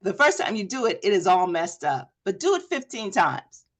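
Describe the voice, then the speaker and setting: Energetic woman coaching a live online class. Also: medium pitch, normal speed. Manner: energetic, talks straight to the audience with repeated questions. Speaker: presentation coach. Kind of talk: live online workshop talk. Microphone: video call.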